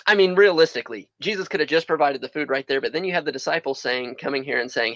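A man's voice: a little high, fast talker, fairly bright tone, lo-fi sound. A man preaching a sermon outdoors, earnest and repeating phrases for emphasis. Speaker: pastor. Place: outdoors in the sun.

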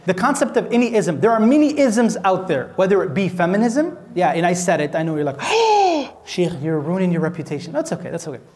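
High-voiced American sheikh lecturing. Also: male voice, fast, few pauses. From Minnesota, USA. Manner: asks the audience rhetorical questions, animated and joking. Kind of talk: conversational Islamic lecture.

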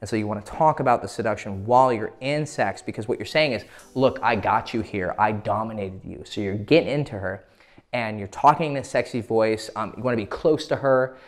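A man coaching in a loose, crude, casual way, swearing freely and breaking into laughter. His pitch sits in the ordinary middle range for a man. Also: brisk. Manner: crude, profane, laughs often. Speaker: dating coach. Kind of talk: casual instructional talk.

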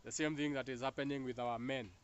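A man's voice: mid-range voice, fairly even intonation, quick pace, clean tone, highs cut off. Joking Kenyan man preaching spirituality. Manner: joking, laughs often, swings between teasing and preachy. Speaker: spiritual talk host. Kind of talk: casual spiritual monologue.

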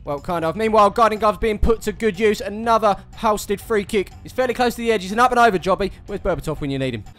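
A man's voice: high-pitched, fast, music in the background. A man narrating a football vlog with dry, wisecracking asides. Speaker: football vlogger. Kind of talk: jokey match-day commentary.

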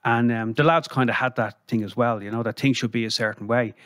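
A man's voice: mid-range voice, steady tone, fairly quick, fairly bright tone, no room sound, clean studio sound. An Irish man, a guest on a casual interview, telling rambling anecdotes and acting out the people he quotes.

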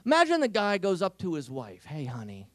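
A man giving a talk to teenagers, an animated storyteller who acts out the people he quotes, chatty with many restarts. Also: high-pitched, a little fast, no echo. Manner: conversational, with frequent fillers and restarts. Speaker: speaker at a youth event.

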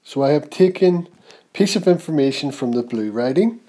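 Guy teaching commas, husky mellow voice, bouncy pitch, reads examples out slow. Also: expressive. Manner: slow, clear, reads example sentences aloud with emphasis. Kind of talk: grammar lesson narration.

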